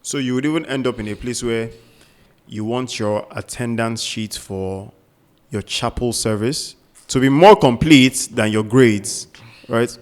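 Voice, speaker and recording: A man's voice: mid-range voice, unhurried. A young man co-hosting a podcast, speaking earnestly and emphatically and repeating his key points. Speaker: podcast co-host. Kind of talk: casual conversation.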